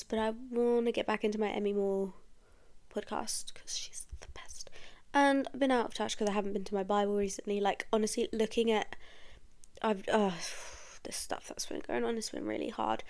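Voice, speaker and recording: A woman's voice: a little high, a little mellow. A young British woman with a nasal voice and a slight American twang, chatting and rambling casually on her solo podcast. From Britain. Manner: rambling, chatty, full of fillers. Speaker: podcast host.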